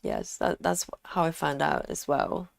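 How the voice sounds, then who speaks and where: Woman, slow unhurried pace, dry close sound, casual live-stream chat, reads comments aloud. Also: sits low, creaky, no echo. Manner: relaxed, reads viewer comments aloud, frequent ums.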